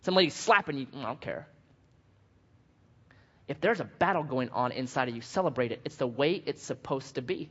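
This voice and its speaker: A man preaching a sermon as a pastor, joking and animated, swinging from loud bursts to hushed asides. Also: medium pitch, quick pace, few pauses. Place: church sanctuary. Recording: dull sound with long hall reverb.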